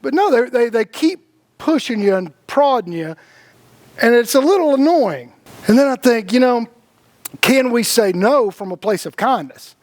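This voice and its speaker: A man with a high voice talks in a loose, rambling way, often repeating words and breaking into laughter. He co-hosts a casual spiritual chat and acts out the voices of people he quotes. The sound is dry and close, with no room echo. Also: expressive, moderate pace. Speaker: podcast co-host.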